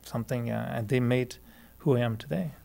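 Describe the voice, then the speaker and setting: Gravelly French Canadian man giving a talk. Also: mid-range voice, fairly even intonation, brisk, a little mellow. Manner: chatty, laughs often, many restarts and fillers. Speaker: meditation teacher. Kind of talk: relaxed spoken talk to a group.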